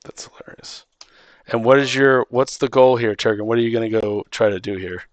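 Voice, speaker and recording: A man's voice: medium pitch, a little fast, no room sound, dull audio. A man running a tabletop game as dungeon master, rambling with many restarts and ums.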